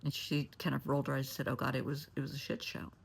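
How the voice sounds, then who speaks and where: A woman's voice: very deep voice, little pitch movement, fast, creaky, slightly rough. A woman therapist recounting a client story and giving blunt, candid advice. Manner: candid, blunt, shifts to forceful warnings.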